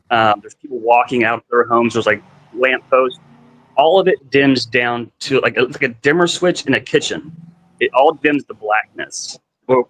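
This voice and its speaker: A man tells a long story in casual conversation, circling back with fillers and acting out quoted lines. His voice sits at a middle pitch. The sound is dry, with no room echo. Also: a bit bright. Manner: rambling, heavy on "like" fillers, acts out quoted dialogue.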